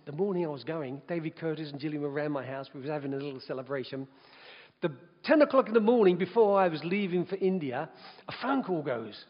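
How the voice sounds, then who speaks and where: A man telling his personal testimony as an evangelist, lively and often breaking into laughter. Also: sits high. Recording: dull sound with long hall reverb.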